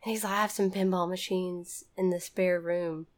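A woman's voice: fairly low pitch, flat delivery, moderate pace, darkish tone. A woman from Mississippi, a podcast guest telling stories casually with laughs. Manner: chatty, laughing, says y'all. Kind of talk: casual storytelling.

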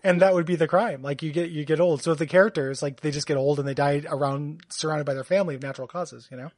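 A man's voice: a little high, fairly even intonation, fast, a little mellow, no room sound, clean studio sound. A man co-hosting a casual gaming podcast, chatty and rambling. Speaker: podcast co-host.

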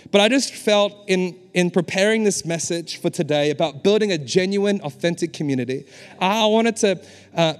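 A pastor delivering an impassioned, emphatic sermon, often urging his listeners with "come on.". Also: high-pitched. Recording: long hall reverb with faint music behind.

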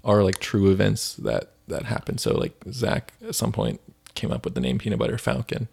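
A man's voice: fairly low pitch, big pitch swings, moderate pace, creaky, a little mellow, breathy edge. A man co-hosting a faith podcast, chatting casually and retelling stories with many fillers. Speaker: podcast co-host.

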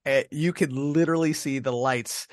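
A man's voice: medium pitch, fairly even intonation, normal speed, no room sound, studio quality. An American man co-hosting a casual podcast chat, rambling with many restarts and laughs. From United States. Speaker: podcast co-host.

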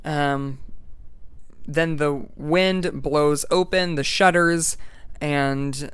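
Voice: medium pitch, fairly even intonation, very slow, clean tone, no room sound. A young adult student giving a casual class presentation and reading a poem aloud, chatty and full of "like" and "um".

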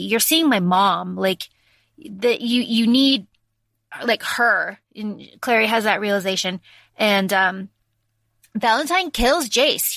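A woman with a fairly high, bright voice recaps a book for a podcast. She talks in loose, animated chat full of fillers. The sound is dry and close. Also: no room sound. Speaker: podcast co-host.

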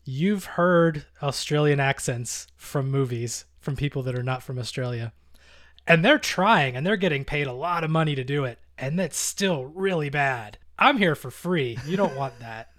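A man from the United States hosting a podcast, self-deprecating and animated, laughing often in casual chat. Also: fairly high pitch, normal speed. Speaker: podcast host.

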